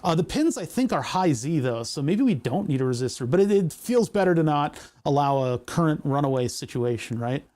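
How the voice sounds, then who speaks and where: Building electronics on a live stream, a man chats casually and thinks aloud, rambling and joking as he works through each technical step. His voice is on the high side and a little mellow, with big pitch swings, a slightly fast pace, and few pauses.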